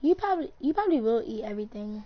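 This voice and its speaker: A woman's voice: fairly high pitch, sing-song, very fast. Rambling young-sounding woman gaming, lo-fi. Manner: rambling, jokey, trails off and restarts. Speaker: gamer. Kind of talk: casual gaming chat. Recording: dull lo-fi recording.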